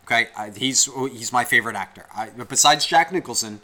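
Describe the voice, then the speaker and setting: Bright-voiced man ranting profanely on a podcast. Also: mid-range voice, brisk. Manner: profane, heated and rambling. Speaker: podcast co-host. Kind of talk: casual podcast rant.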